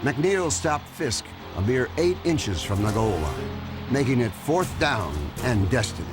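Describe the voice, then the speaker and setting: Male documentary narrator, expressive melodic delivery, scripted and dramatic, over music. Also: mid-range voice. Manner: dramatic, measured storytelling.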